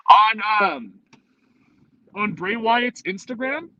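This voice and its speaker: Bright, animated New York streamer guy. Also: high-pitched, slow pace, no echo, dull audio. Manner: rambling and profane, jumping between topics. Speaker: streamer host. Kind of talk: casual live-stream chat.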